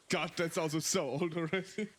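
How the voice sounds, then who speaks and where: A man's voice: on the high side, fairly bright tone. A man hosting a game stream, chatting casually and laughing often. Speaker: streamer host. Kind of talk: casual gameplay chat.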